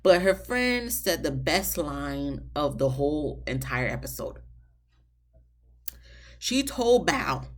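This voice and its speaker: A woman reviewing a reality show in a loose, opinionated chat. Her voice sits on the lower side and leaps up high when she gets exasperated. She talks with sass. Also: big pitch swings, takes it slowly, pauses often. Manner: sassy, exasperated, swings high for emphasis. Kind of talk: casual opinionated recap.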